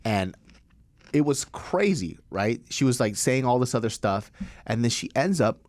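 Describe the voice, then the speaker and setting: A man in his thirties, a podcast co-host, telling a story in a lively way, acting out voices and laughing a lot. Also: medium pitch, moderate pace, no room sound. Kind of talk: animated storytelling.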